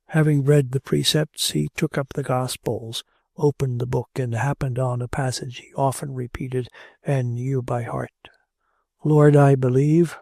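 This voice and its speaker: Man reading an old novel aloud, steady and measured, gravelly dark voice. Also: medium pitch, no echo, clean studio sound. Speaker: audiobook narrator. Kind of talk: audiobook narration of classic fiction.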